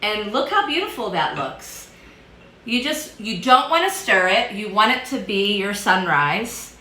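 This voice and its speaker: A woman's voice: mid-range voice, sing-song, measured pace, bright, forceful tone, roomy sound. A woman hosting a casual home cocktail how-to, chatty and upbeat as she talks straight to viewers from her home bar. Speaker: home bartender host.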